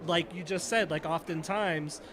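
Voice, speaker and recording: A man's voice: on the high side, moderate pace, background noise. A middle-aged man, a retired Navy chief, casually telling a story on a podcast and acting out the dialogue.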